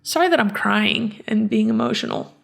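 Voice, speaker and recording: Female podcast host, gravelly fry, halting reflective storytelling with frequent restarts. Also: on the high side, expressive, fairly bright tone.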